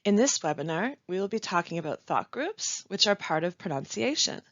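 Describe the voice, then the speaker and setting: A woman teaching pronunciation in a scripted webinar, speaking slowly and carefully with deliberate pauses. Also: lowish voice, big pitch swings, a bit bright, no echo. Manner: slow, careful, deliberate delivery with clear pauses. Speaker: language support specialist. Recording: dry, dull lo-fi voice-over.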